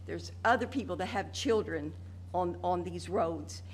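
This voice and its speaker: A woman's voice: lowish voice, a little hiss or hum. Angry older woman at a hearing. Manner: angry, emotional, drawn-out pleading. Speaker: resident speaking at public hearing. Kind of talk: public comment at a meeting. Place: council meeting room.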